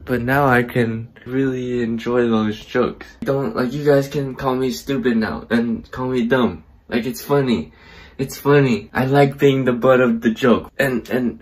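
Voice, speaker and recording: A young man vlogging to his viewers in a casual, rambling, self-deprecating way, halting often and restarting his sentences. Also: mid-range voice, slightly rough. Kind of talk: casual talk to camera.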